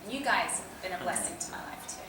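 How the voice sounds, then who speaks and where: A woman in her forties talks easily and laughs often while answering fan questions. Her voice carries through a large, echoing hall from some distance away. Steady background noise sits under every word. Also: lowish voice, fast. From Australia. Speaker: convention panel guest. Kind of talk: casual Q&A chat. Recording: echoey hall, from far off, noisy.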